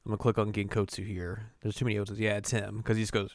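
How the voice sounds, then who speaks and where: A young man co-hosting a podcast, recapping an episode in a jokey, deadpan casual chat. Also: lowish voice, fast, dry recording, studio quality. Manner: jokey, deadpan, acts out lines. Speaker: podcast co-host.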